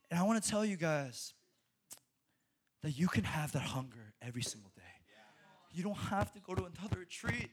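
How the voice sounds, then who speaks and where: Young male preacher, high voice, animated, laughs often and stumbles into restarts. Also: brisk, slightly rough. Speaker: speaker at a college ministry. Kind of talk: sermon.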